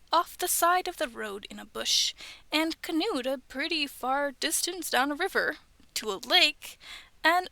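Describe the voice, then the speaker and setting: A woman in her thirties with a high, bright voice and a gravelly edge reads scary stories aloud. She keeps stopping for chatty asides and drops into soft whispers. The recording is close and dry. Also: dry recording. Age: 30s. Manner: chatty, self-aware, often laughs and whispers asides. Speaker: streamer reading online stories. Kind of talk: casual reading with asides. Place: bedroom at home.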